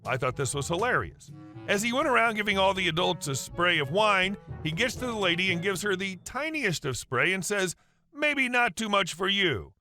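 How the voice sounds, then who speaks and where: A man with a high, bright voice reads stories aloud in a brisk, even, scripted way. Soft music sits faintly beneath him. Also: no echo. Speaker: narrator of reddit stories. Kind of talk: scripted story narration.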